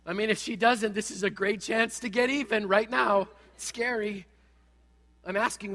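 A middle-aged man preaching a sermon, telling a personal story with animated, humorous asides. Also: high voice, normal speed, long reverb tail.

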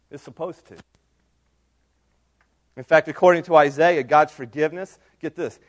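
A man pastor preaching a sermon, animated and swinging from loud emphatic lines to hushed ones. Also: fairly high pitch.

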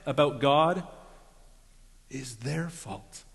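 A man preaching a sermon earnestly, dropping his voice to a hush to stress a point. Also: on the high side, extremely slow, creaky. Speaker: pastor. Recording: long hall reverb.

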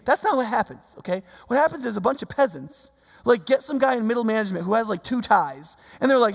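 A man preaching a sermon with a fairly high, gravelly voice. He talks casually, throwing out rhetorical questions and fillers. His voice rings with the long reverb of a large hall. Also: expressive, fast. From United States. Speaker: pastor.

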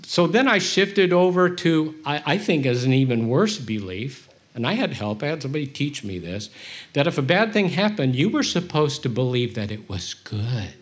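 A man delivers a conversational sermon at medium pitch and normal speed. He is candid and self-deprecating, moving between quiet and animated delivery.

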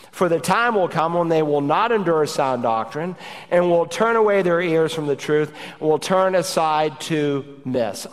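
A man's voice: fairly high pitch, long reverb tail. A middle-aged man, a pastor, preaching a sermon with emphatic, urgent exhortation.

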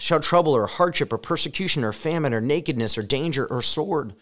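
A man's voice: on the high side, brisk, hardly any pauses. Earnest male pastor preaching. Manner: earnest preaching, rising loud and emphatic when reading scripture; direct address to listeners. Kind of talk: sermon.

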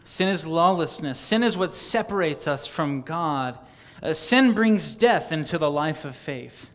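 A man's voice: fairly high pitch, lively intonation, measured pace. A man preaching a sermon, reading old diary passages aloud and building fervent, rhythmic lists. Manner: fervent, rising on exclamations and lists.

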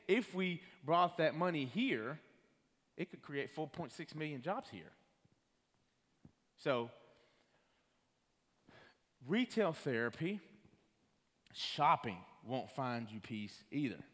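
A man's voice: on the high side, sing-song, unhurried, long pauses, a bit bright. A man giving a sermon, telling a personal story and acting out the voices of the people in it. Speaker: preacher. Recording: reverberant hall.

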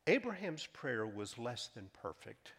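A man preaching a sermon, reading scripture aloud and explaining it, climbing in pitch and loudness on emphatic lines and dropping to a soft hush on key phrases. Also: very animated, unhurried, slightly rough. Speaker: pastor.

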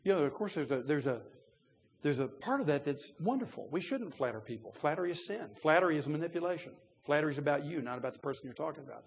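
A man preaching a sermon in a loose, conversational teaching manner, with frequent fillers and restarts and a voice that rises when he gets animated. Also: fairly high pitch, quick pace, long reverb tail.

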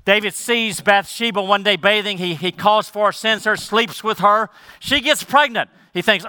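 Bright, high-voiced man preaching a sermon. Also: normal speed, hardly any pauses, smooth, dry recording. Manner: emphatic preaching, dropping to soft low asides. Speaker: pastor.

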